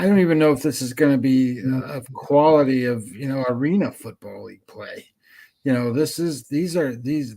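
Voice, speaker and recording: A man in casual sports-betting chat, at a middle pitch, rambling through his points with frequent ums and restarts. He co-hosts a morning betting show.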